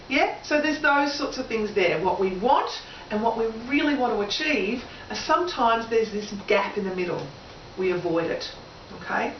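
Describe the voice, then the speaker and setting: A woman with an Australian accent giving a lively motivational seminar talk to a live audience, often asking them questions. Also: on the high side, a little hiss or hum. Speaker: presenter. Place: room with an audience. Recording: roomy, distant, lo-fi camera audio.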